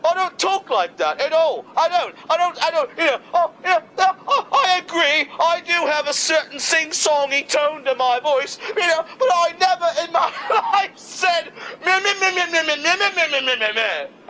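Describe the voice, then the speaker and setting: A man's voice: very high-pitched, lively intonation, normal speed, bright, forceful tone, a little hiss or hum, rough recording. A man performing a rambling satirical sketch, stammering and switching between many put-on voices. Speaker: comedian doing impressions.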